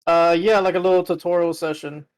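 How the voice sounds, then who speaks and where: A fan speaks slowly and hesitantly in a group voice chat. His voice is a little higher than most men's and stays flat, with little rise and fall. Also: dry recording, studio quality. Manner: slow, hesitant. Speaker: fan asking a question. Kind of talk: casual voice chat.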